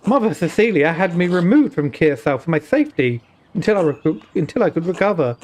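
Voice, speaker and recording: A man's voice: fairly high pitch, big pitch swings, fairly quick, a little hiss or hum. A man voicing a young nun who survived an attack, reading her lines in a put-on Welsh accent. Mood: sorrowful. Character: traumatized young nun, quiet and guarded.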